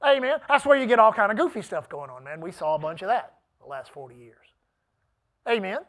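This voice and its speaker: A man with a high voice preaches an emphatic sermon, rising into shouts and dropping into quiet asides. He calls out to his congregation for responses as he goes. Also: sing-song, fairly quick. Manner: emphatic, swinging between shouted peaks and hushed asides.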